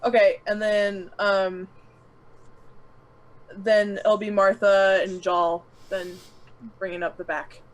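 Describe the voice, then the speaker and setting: A woman's voice: medium pitch, little pitch movement, slow pace, pauses often, poor audio. A woman running a tabletop game, describing the scene in a chatty way with many fillers and laughs. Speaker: game master.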